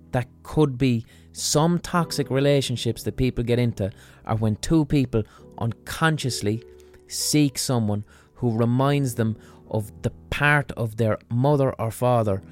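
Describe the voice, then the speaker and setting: A man's voice: medium pitch, measured pace, darkish tone, faint music behind. Blunt sweary man. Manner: blunt and profane. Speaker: podcast host. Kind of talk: casual explanatory monologue.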